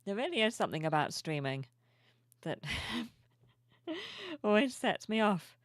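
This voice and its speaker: A sleepy woman streamer chatting softly and cheerfully with her viewers at home, reading their messages aloud. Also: medium pitch, very animated, fairly quick, no echo, studio quality. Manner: soft-spoken, cheerful, reads chat aloud. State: sleepy, yawning. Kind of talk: casual live-stream chat. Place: home room with plushies.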